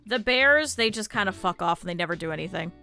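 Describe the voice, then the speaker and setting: A woman streamer chatting casually to her live chat, blunt and swearing freely, with lively quoted asides. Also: medium pitch, fast talker, faint music behind.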